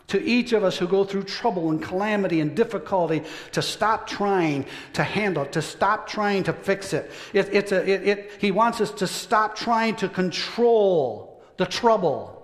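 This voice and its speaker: A man preaching a sermon, emphatic, climbing to exclamations and sinking to hushed lows. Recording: long hall reverb.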